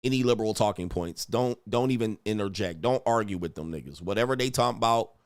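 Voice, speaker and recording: A man's voice: on the low side, fast, clean tone, no room sound. Profane, laughing man telling stories. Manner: profane, laughs often, acts out quoted voices; checks in with "all right?" and "right?". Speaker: streamer and fitness coach. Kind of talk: casual opinion rant and storytelling. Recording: dry close mic.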